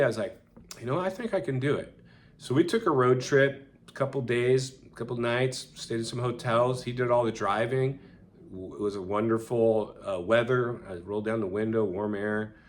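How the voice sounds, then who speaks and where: Earnest man telling his story, lowish voice. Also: moderate pace. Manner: earnest, conversational, full of fillers. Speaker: vlogger. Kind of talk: personal storytelling to camera.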